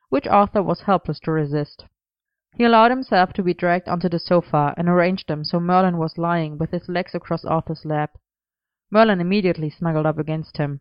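A woman reading a story aloud as narrator, in an even, unhurried manner. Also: low voice, smooth, no room sound, highs cut off. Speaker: audiobook reader.

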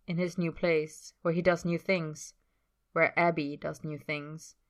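A woman reading a story aloud in a steady, plain voice. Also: low-pitched, measured pace. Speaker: story reader.

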